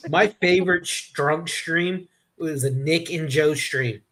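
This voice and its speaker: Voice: medium pitch, slow pace, fairly bright tone. A stream panelist in casual chat, telling stories in a rambling way and restarting sentences.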